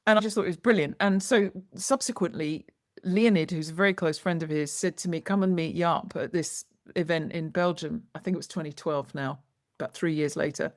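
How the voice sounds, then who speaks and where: Brief: woman educator as podcast guest, somewhat low voice, lively storyteller. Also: brisk. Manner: lively, expressive, acts out quoted lines. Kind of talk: animated storytelling in conversation.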